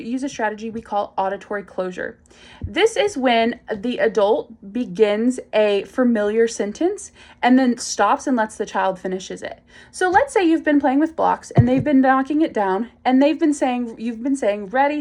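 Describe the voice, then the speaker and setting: A woman explaining speech activities to parents, clear and encouraging, acting out the example phrases with strong emphasis. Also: on the high side. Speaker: speech and language instructor. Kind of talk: instructional demonstration for parents.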